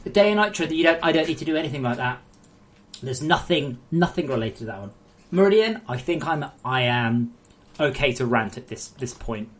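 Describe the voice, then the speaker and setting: Low-pitched, lively woman ranting on stream. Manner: profane, ranting, quick to anger. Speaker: game developer streaming live. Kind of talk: casual livestream chat, reading viewer messages aloud.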